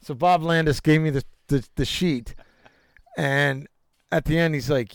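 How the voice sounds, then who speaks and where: A young man with a smooth, resonant voice rambles through stories, laughing and swearing as he goes. His pitch sits a little above average, and the recording is dry and close. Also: animated, moderate pace, a bit bright, dry recording. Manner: rambling anecdotes with laughter and crude jokes. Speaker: storyteller. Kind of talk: casual chat.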